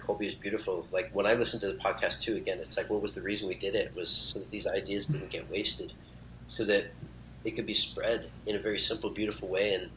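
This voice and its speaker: An earnest man with a lowish voice talks in an effusive, reflective way during a relaxed podcast chat. A faint rumble hums beneath his voice. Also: rough recording. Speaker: podcast guest, uncle of host. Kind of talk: casual conversation.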